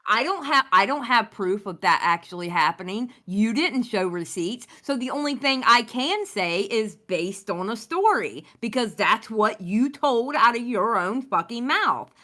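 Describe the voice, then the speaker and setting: A woman's voice: on the high side, lively intonation, unhurried, few pauses, bright, forceful tone. A woman co-hosting a stream, talking in a blunt, dismissive and profane way. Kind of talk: casual commentary chat.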